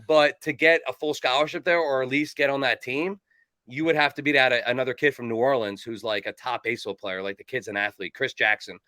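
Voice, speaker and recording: Fast-talking animated man from New Jersey. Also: mid-range voice, no echo. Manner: rambling, animated, lots of fillers. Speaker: kicking coach and guest. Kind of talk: casual storytelling in an interview.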